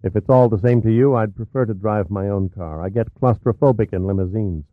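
A man voicing a curt, sarcastic male adventurer in an audiobook, his low voice carrying dry indifference. The sound is thin and phone-like, with no reverb. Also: fairly quick, close to an everyday voice.

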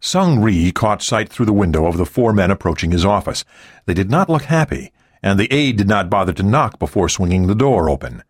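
A man narrating a thriller audiobook in an expressive storytelling style. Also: lowish voice, fairly quick, no echo, clean studio sound. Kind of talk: scripted narration.

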